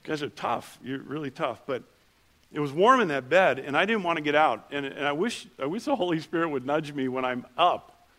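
A middle-aged man preaching a sermon in church, telling personal stories with self-deprecating humor and dropping soft and low for quiet moments. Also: expressive, fairly quick. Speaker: pastor.

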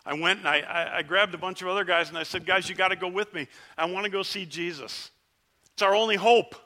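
A man playing a bright-voiced healed leper. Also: high-pitched, a little fast. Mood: earnest. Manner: vivid storyteller, shouts the plea, then hushes. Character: male leper, one of ten, telling his story. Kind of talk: first-person dramatic monologue sermon.

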